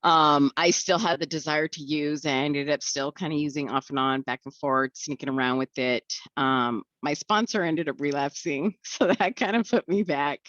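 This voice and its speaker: A woman's voice: low-pitched, fairly even intonation, normal speed, few pauses, fairly bright tone, dry recording, muffled recording. A young woman tells her recovery story in a candid way, acting out the voices of the people she quotes and often laughing.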